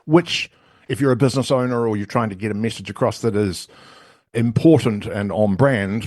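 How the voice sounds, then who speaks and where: A middle-aged man with a New Zealand accent talks through his views as a podcast guest. His voice sits fairly low and the recording is close and dry. He talks in a lively, conversational way and keeps checking in with "right?". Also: dry recording. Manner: animated, often tags lines with "right?". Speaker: voice and video coach, guest. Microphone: studio headphones and mic.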